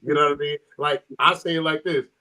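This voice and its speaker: A man's voice: fairly high pitch, fairly even intonation, quick pace, pushed and bright. A man from New Jersey, a comedian guest chatting loosely with slang and fillers. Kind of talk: casual chat.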